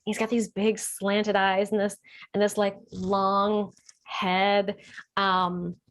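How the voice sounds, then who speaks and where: A woman and holistic healer telling her own story to camera in a casual, chatty way, laughing often and often restarting sentences. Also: slow pace. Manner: animated, gets excited and high when reliving moments.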